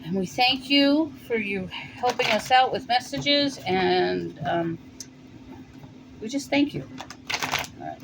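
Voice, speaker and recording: A woman with a New York accent reads tarot cards in a loose, chatty way, her voice sitting a little high. She thinks out loud and pauses with fillers. A faint hum of noise runs underneath. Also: animated, creaky. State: warm and winded after shoveling. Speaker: tarot reader. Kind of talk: casual tarot reading. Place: home in Colorado.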